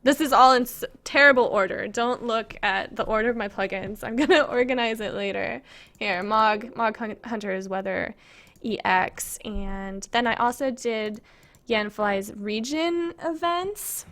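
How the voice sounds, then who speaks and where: A woman's voice: a little high, measured pace, a bit bright. A woman casually chatting on a live stream as she shows her game-making work, giggling and rambling as she reads viewer questions aloud.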